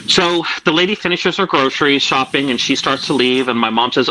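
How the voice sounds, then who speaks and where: A man's voice: medium pitch, steady tone, brisk, sharp tone, rough recording. A man on a video call telling a long rambling prank story to friends, with lots of fillers and acted-out quotes. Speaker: storyteller in an online group call. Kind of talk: casual anecdote told to a group.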